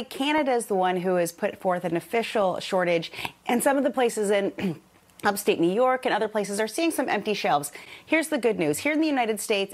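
A woman doctor giving a TV news interview, calm, reassuring and explanatory. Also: medium pitch. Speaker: medical contributor, doctor.

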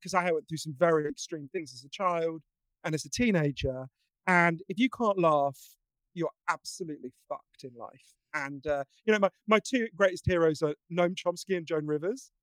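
Male guest, fairly high voice, earnest storyteller, dry close mic. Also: moderate pace, dry recording. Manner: earnest, animated storyteller with frequent restarts. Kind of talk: casual conversation.

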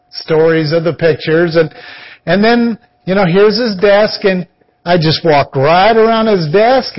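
A man's voice: high voice, dull audio. A man preaching on a podcast, telling a personal testimony and acting out the voices of the people in it. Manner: animated, acts out quoted voices. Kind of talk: storytelling testimony.

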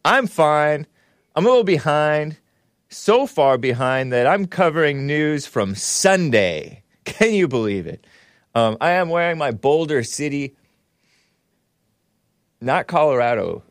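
A man's voice: fairly high pitch, sing-song, measured pace, no echo, clean studio sound. A man hosting his own live stream, talking in a rambling, sarcastic way with frequent self-corrections and asides. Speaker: show host. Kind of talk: casual live-stream political commentary.

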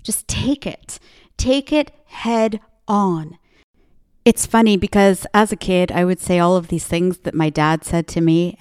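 Punchy motivational woman host, smooth-voiced. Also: lowish voice, darkish tone. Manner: emphatic, punchy repetition of slogans. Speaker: podcast host. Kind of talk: motivational podcast monologue. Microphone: podcast microphone.

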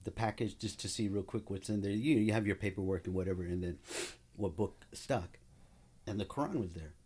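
A man's voice: fairly low pitch, fairly quick, mellow, husky. A man as a podcast guest, telling a personal story in casual conversation, acting out what people said and laughing along the way.

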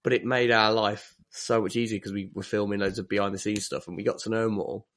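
A man's voice: on the low side, fairly even intonation, fast, fairly bright tone. A man, telling stories in a rambling casual chat and restarting often. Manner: rambling, self-interrupting, laughs often.

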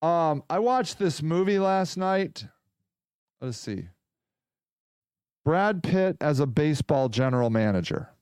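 A man hosting a casual podcast, rambling and excitable, talking in bursts into a close mic. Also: fairly high pitch, slow pace, pauses often, clear, resonant tone, no room sound. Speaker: podcast host.

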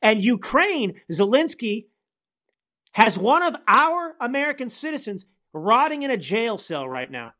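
A man's voice: extremely high pitch, very animated, measured pace, sharp tone. A man hosting a podcast, delivering angry, sarcastic political commentary in a ranting manner. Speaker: podcast host.

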